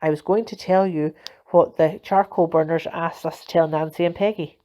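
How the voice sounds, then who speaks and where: A woman's voice: lowish voice, fairly even intonation, normal speed, mellow, natural voice. A woman voicing an earnest young boy captain in a storybook reading, serious and proud. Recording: dull lo-fi recording.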